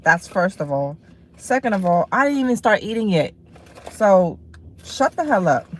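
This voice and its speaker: A woman streams herself eating and talks casually to her viewers. She is blunt and swears freely when she snaps back at her chat. She turns relaxed and chatty when she describes the food. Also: medium pitch, moderate pace, a little hiss or hum. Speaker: livestreamer.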